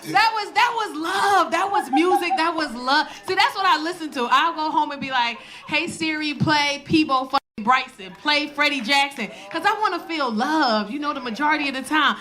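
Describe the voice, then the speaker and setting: A woman's voice: sits high, lively intonation, normal speed, few pauses, over music. A woman in her forties doing a stand-up comedy set, telling stories in a brash, profane style and laughing often.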